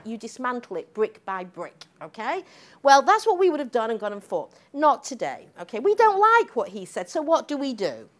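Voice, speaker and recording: An older American professor with a slightly high voice delivers an emphatic, sardonic public lecture, frequently ending her points with "okay?" and "right?".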